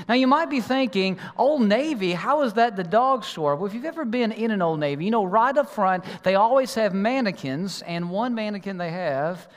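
Male pastor with a high voice, animated storyteller, recorded with a long church-hall reverb. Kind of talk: sermon with personal story. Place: church auditorium.

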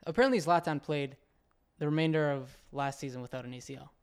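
A man chatting casually on a podcast in a relaxed, low-key way. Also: fast, clean tone. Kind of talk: casual chat.

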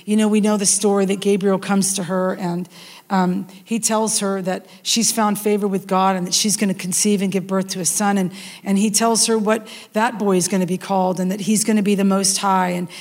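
A middle-aged woman preaching a sermon in an animated storytelling manner, with frequent restarts and asides. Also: medium pitch, fairly quick. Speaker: worship leader preaching. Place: church hall. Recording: long hall reverb.

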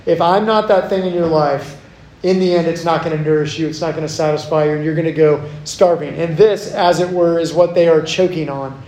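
Young guy youth pastor giving a sermon, pretty high voice, chatty and storytelling, big echoey room. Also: steady tone, a little fast, darkish tone. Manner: conversational, relatable storytelling. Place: church hall. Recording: echoey hall.

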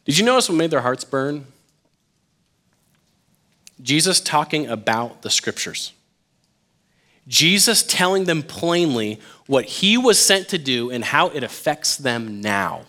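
A man's voice: a little high, a little slow, pauses often. A man preaching a casual, conversational sermon as a youth pastor, joking with his listeners and acting out the stories. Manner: animated and jokey, acts out quotes, addresses listeners as "you guys".

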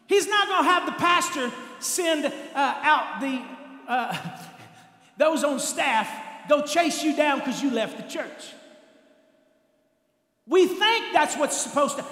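A man preaching a sermon as pastor, swinging from soft, low murmurs to shouted exhortation. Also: animated, measured pace, pauses often. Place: church sanctuary. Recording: echoey hall, long reverb.

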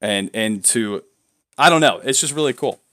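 A young man co-hosting a casual faith podcast, excitable and prone to loud whoops of joy. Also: medium pitch, moderate pace. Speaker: podcast co-host. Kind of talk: casual chat.

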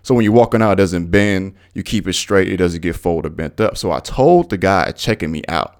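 A young man hosting a podcast, telling stories casually in an animated, profane, slangy way. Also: low voice, moderate pace. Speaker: podcast host. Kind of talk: casual storytelling monologue.

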